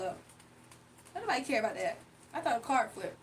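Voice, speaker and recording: A woman's voice: on the high side, big pitch swings, a little fast, recorded from a distance, slight background noise, poor audio. A woman livestreaming a card reading, ranting bluntly to her chat with repetitive rhetorical questions. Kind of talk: heated livestream rant to chat.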